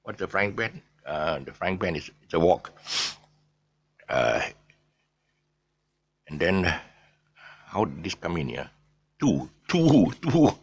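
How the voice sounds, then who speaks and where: A middle-aged man, giving an off-the-cuff pronunciation lesson, repeating each word many times and drifting into soft asides. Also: low voice, expressive, slow pace, long pauses. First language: Eurasian family speaking English as mother tongue. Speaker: English pronunciation teacher.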